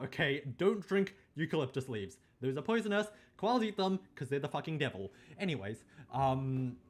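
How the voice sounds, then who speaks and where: Young male streamer, mid-pitched, rambles and curses, faint music underneath. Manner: rambling, swearing, stammering restarts. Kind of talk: casual chat stream.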